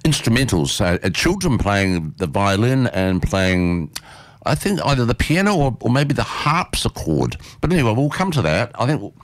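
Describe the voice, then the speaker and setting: Australian male radio host, deep-ish and animated, dry studio sound, casual interview. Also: dry recording. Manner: chatty, enthusiastic, lively.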